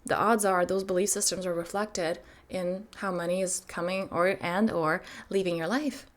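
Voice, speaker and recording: A woman's voice: fairly low pitch, fairly even intonation, normal speed. A woman in her thirties, a self-help coach giving a motivational talk to camera, emphatic and full of rhetorical questions.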